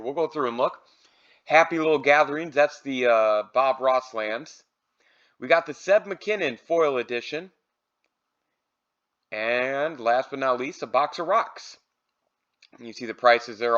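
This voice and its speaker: A man's voice: mid-range voice, fairly bright tone, dull audio. A man casually reviewing trading card products, thinking aloud with fillers.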